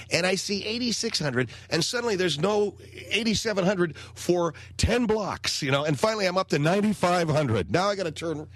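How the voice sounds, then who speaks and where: A man hosts a radio show, rambling in an exasperated, sardonic voice. He speaks close to a studio mic, and the sound is bone-dry. His pitch sits in a middle register. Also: dry recording. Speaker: radio talk show host. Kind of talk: comedic radio monologue.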